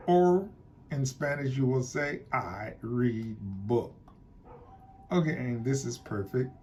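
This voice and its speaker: A man teaching a Spanish grammar lesson, explaining slowly and repeating key points. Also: medium pitch, a little hiss or hum. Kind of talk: classroom-style grammar lesson.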